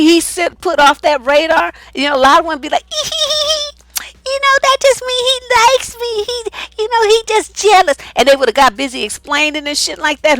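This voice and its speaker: A woman's voice: sits high, a bit bright, no echo. Blunt, profane coach woman, dry sound. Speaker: relationship coach. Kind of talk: casual storytelling monologue.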